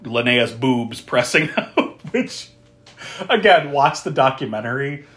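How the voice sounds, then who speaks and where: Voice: medium pitch, animated, a little slow, a bit bright. A podcast co-host recapping a film in casual chat, laughing often, swearing freely and tossing in sarcastic asides.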